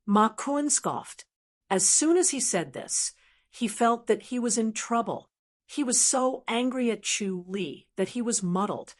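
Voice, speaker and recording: A woman narrating a martial arts audiobook in an even, measured storytelling manner. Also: fairly high pitch. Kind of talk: scripted narration.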